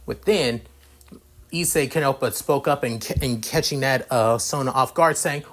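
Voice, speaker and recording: A man's voice: medium pitch, moderate pace. A man narrating a fan story in a rambling, filler-heavy way, with casual cursing.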